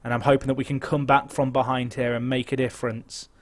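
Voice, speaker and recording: A young man giving chatty live commentary on a football management game, nervous and excitable, muttering and then shouting. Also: mid-range voice, quick pace. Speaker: game streamer.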